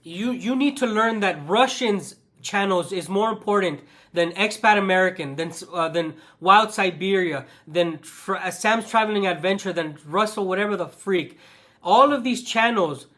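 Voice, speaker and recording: A man with a notably high voice and a sharp, bright tone talks straight to his viewers. He rants passionately, doubling back on his words and repeating points for emphasis. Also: normal speed. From the West. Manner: passionate, repetitive, restarts often. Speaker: channel host. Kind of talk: ranting vlog monologue.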